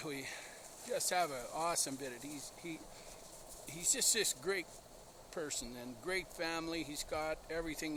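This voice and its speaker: A man's voice: a little high, heavy background noise. A man, a dog breeder, telling a rambling, enthusiastic story outdoors and laughing at himself. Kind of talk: casual storytelling vlog.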